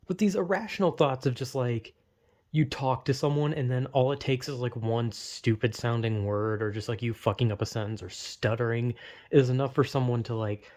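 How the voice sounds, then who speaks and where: A man's voice: mid-range voice, darkish tone. A young man talking casually into his own video, rambling and self-deprecating, full of fillers and restarts. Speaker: vlogger.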